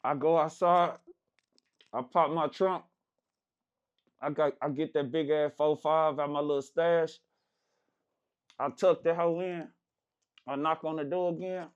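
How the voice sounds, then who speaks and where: A man telling a story about a dice game in a casual, animated way, jumping from loud, high outbursts to quiet, low asides. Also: measured pace, long pauses, clean tone, dull audio.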